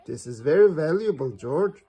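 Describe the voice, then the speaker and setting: Reader doing jolly old grandpa pig, hearty, fussy, storybook, gravelly. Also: mid-range voice, expressive, normal speed, mellow. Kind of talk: storybook read-aloud.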